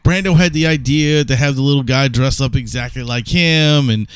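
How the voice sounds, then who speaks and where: A man's voice: mid-range voice, moderate pace, clean tone, no room sound. A man co-hosting a podcast, telling a long rambling story in casual chat with some swearing. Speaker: podcast co-host.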